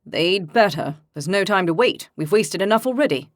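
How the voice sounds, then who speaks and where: Cocky young male warrior, put on by a woman narrator, mocking tone, lowered voice, dry close sound. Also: lively intonation, normal speed, dry recording, lightly acted.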